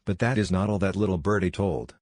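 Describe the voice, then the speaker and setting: A man voicing a calm, teasing young ninja teacher while reading a fan story aloud. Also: low voice, brisk, no echo, clean studio sound.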